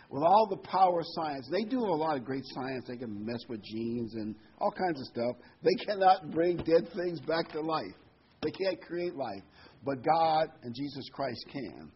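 A man's voice: medium pitch, lo-fi sound, slight background noise. A man preaching a sermon verse by verse in a folksy, conversational way.

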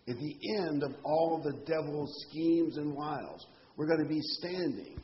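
A man's voice: fairly high pitch, measured pace, few pauses, slight background noise. A man preaching a sermon to a congregation, emphatic and full of rhetorical questions. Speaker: pastor. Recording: roomy, dull hall sound.

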